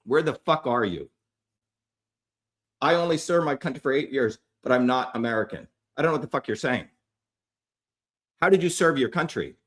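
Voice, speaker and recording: A man's voice: mid-range voice, lively intonation, moderate pace, pauses often, fairly bright tone. A man hosting a livestream, delivering a heated, profane, combative rant at his viewers. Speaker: livestream host.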